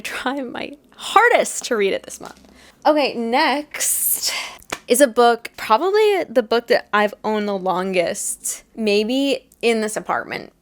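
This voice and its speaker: A young woman chatting casually about her reading plans at home in her apartment, filling her talk with "like" and poking fun at herself. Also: medium pitch. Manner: chatty and self-deprecating, many "like" fillers. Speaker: book vlogger. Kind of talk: casual chat.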